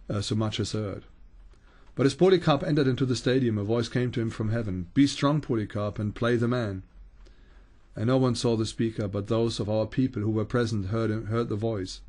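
A man, a Bible teacher, reads an ancient account aloud at an unhurried pace, with small stumbles and restarts. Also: fairly low pitch, a little mellow.

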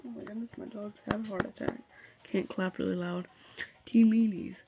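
A man's voice: high voice, fairly even intonation, brisk, very noisy. A young man hosting a let's play video, chatting casually and reading game dialogue aloud. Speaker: gaming video host. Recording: faint game music behind.

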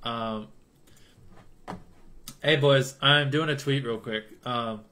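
A young man chatting casually on a livestream, joking with his chat, swinging between loud hype and low mumbles. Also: steady tone, takes it slowly.

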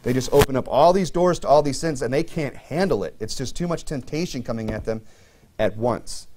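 A man's voice: fairly quick, darkish tone. Man preaching a conversational sermon. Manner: conversational preaching, many fillers, rises in pitch for emphasis. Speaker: pastor.

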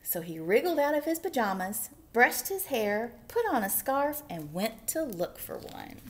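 Slow, sing-song storytime librarian. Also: female voice, a little high, slight background noise. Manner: animated, sing-song, drops to whispers. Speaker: children's librarian. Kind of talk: storytime read-aloud.

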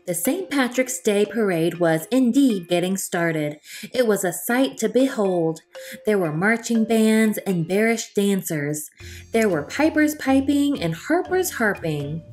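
A woman reading a children's storybook aloud in a gentle, expressive manner, as the host of a storytime channel. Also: medium pitch, unhurried, soft background music. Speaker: storytime reader.

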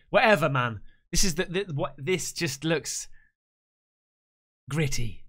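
A man's voice: fairly high pitch, expressive, slow, a bit bright. A man reacting to a video, swearing and exclaiming in alarm. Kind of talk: casual reaction commentary.

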